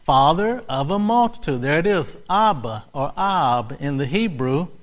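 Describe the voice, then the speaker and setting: A man's voice: a little high, animated, unhurried. A male pastor preaching a sermon, repeating key words with emphasis and breaking into laughter. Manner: repetitive, emphatic, bursts into laughter.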